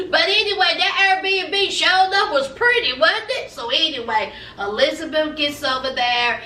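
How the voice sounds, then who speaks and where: Sassy high-voiced woman. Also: unhurried, hardly any pauses, pushed and bright. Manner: sassy, gossipy, acts out the cast's lines. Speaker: recap vlogger. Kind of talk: casual TV recap commentary. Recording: echoey room, mic at a distance.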